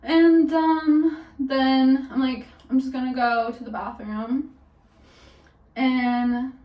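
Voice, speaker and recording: A young woman chats through a gossipy storytime vlog, her high voice leaning on "like" at every turn. She sits some distance from the mic, so the room rings around her words. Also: fairly even intonation, slow, darkish tone. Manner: gossipy, peppered with "like", laughing often. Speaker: vlogger. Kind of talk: casual storytime chat. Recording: roomy sound from a distance off the mic.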